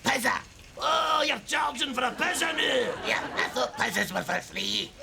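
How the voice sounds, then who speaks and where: An actor playing a leering, heckling old drinker with a Scottish accent, in a comedy sketch. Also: male voice, very high voice, animated, normal speed, a crowd in the background, heavily acted. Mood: rowdy. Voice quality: gravelly, shouting, heckling. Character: rowdy, leering old male drinker on a night out.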